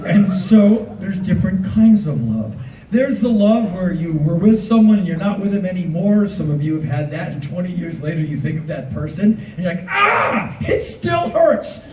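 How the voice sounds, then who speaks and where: A man in his fifties telling stories on stage, animated and acting out voices with sudden shouts. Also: high voice, moderate pace, a little hiss or hum. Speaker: spoken word performer. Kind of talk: live spoken word storytelling. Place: concert hall stage. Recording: echoey hall recorded from far off.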